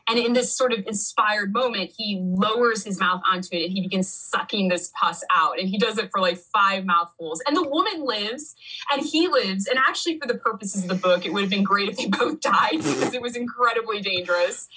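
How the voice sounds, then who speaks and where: A woman author being interviewed from her home tells animated stories and laughs often. Her voice is bright and carries a breathy, husky edge. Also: mid-range voice, fairly quick, rough recording. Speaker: author and historian guest. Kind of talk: casual interview chat. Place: home in a small village.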